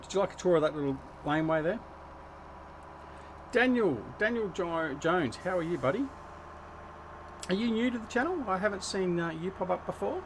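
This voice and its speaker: A man's voice: high-pitched, lively intonation, moderate pace, long pauses, background noise. An Australian man chatting casually with viewers while hosting a gaming livestream, greeting people by name and joking about himself. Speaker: livestream host.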